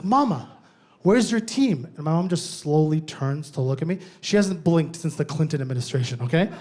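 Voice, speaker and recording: A man performing a stand-up comedy set on stage, telling a story with quick, punchy asides. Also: high voice.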